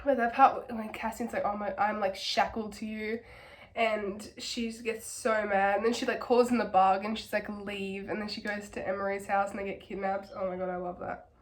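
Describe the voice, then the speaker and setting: A hoarse young woman with a cold, rambling enthusiastically through a casual book review and filling her talk with "like". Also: medium pitch, little pitch movement, brisk. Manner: rambling, filler-heavy, enthusiastic.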